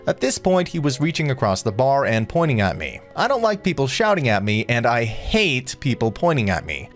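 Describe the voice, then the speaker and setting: A man's voice: medium pitch, very animated, normal speed, hardly any pauses. A man reading a first-person story as scripted narration. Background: faint music.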